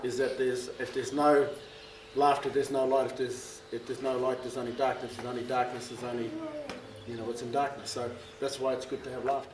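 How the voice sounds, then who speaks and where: A man from Australia, a storyteller, telling an anecdote in an animated way and acting out the voices. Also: mid-range voice, a little fast. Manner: animated, laughing, acts out voices. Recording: roomy, distant mic with background noise.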